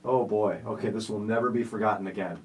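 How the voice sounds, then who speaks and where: A man's voice: lowish voice, fairly even intonation, fast, distant mic, heavy background noise. A man in his forties hosting a radio show, telling stories in a jokey, self-teasing way. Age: 40s. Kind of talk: casual studio chat. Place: radio studio.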